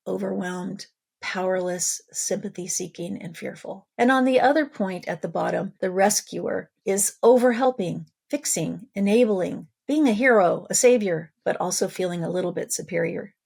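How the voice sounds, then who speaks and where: Give me a woman host explaining things patiently, with a husky edge and a gravelly voice. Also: mid-range voice. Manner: calm, explanatory, walks through examples step by step. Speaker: family therapist and podcast host. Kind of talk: podcast teaching talk.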